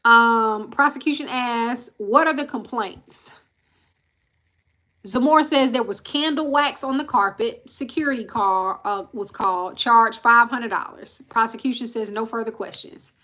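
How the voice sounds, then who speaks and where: A woman with a somewhat high, bright voice, recapping court testimony on a live stream. She reads each quote out plainly, then breaks off to sigh or talk straight to her viewers. Her tone stays casual and frank throughout. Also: a little slow. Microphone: live-stream mic.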